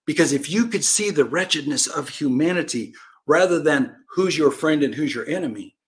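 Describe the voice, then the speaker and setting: A pastor teaches a Bible lesson, his voice sitting on the high side at a normal speed. He tells the story with animation, acting out quoted voices and swinging between loud cries and quiet asides.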